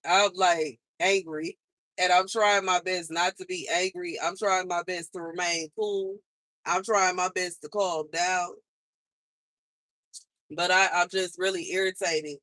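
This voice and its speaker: Bright-voiced woman venting, frustrated and emphatic. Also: lowish voice, fairly even intonation, measured pace, dry recording. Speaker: livestream host. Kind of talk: venting on a livestream.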